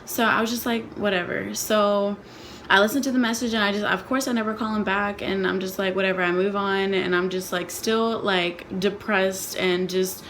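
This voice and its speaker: A woman's voice: medium pitch, steady tone, moderate pace, a bit bright, a little hiss or hum. A young woman and nursing student telling an emotional personal story in a casual vlog, rambling and saying "like" constantly. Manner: rambling, emotional, heavy use of "like". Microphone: phone.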